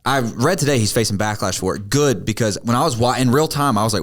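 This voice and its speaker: A man's voice: mid-range voice, lively intonation, quick pace. A man co-hosting a podcast, blunt and swearing casually in chat.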